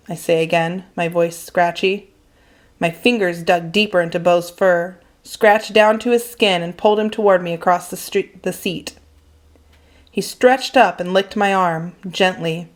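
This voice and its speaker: A woman teacher reading a children's novel aloud in a calm, measured narration. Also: lowish voice. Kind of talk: storybook read-aloud.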